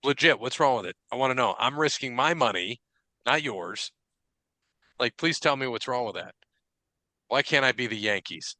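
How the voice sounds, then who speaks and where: A man co-hosting a sports podcast in casual chat, telling animated, profane stories full of quoted dialogue. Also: medium pitch, normal speed, long pauses, no room sound. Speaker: podcast co-host.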